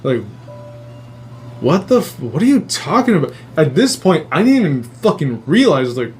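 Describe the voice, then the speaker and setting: A man's voice: fairly high pitch, brisk, soft background music. Swearing man rambling through a story. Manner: heavy casual swearing; animated, rambling retelling with restarts. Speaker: livestream host. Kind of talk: casual storytelling on a live stream.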